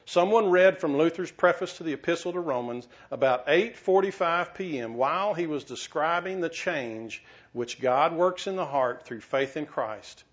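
Man pastor, slightly high voice, chatty sermon with restarts and teasing asides, muffled lo-fi recording. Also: normal speed. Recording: dull lo-fi recording.

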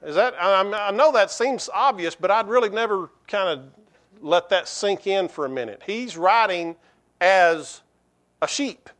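A man preaching a sermon as pastor, with halting restarts and fillers, slowing down to read scripture. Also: high-pitched, expressive, fairly bright tone. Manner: slows to a measured pace when reading scripture aloud.

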